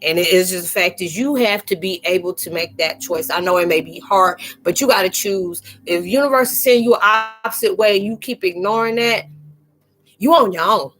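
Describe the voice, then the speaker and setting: Chatty, animated woman giving spiritual advice. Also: medium pitch, fairly quick, hardly any pauses. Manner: chatty and animated, laughing and acting out quoted exchanges; slangy, informal phrasing. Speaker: spiritual advisor hosting a live chat. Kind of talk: casual live-stream spiritual talk.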